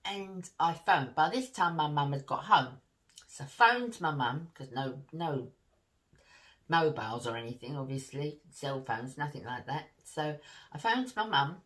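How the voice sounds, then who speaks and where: A woman's voice: low-pitched, measured pace. A middle-aged woman, a beauty vlogger chatting to camera and telling a story while laughing often. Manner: animated, laughs through her story, warm asides to viewers.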